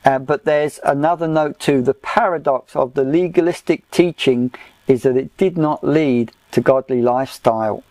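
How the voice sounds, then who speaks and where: A man teaching a Bible study lesson in a measured lecture style, often pausing with "uh" as he explains his chart notes. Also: medium pitch, dark tone, dry recording. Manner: slow, measured, with frequent "uh" pauses.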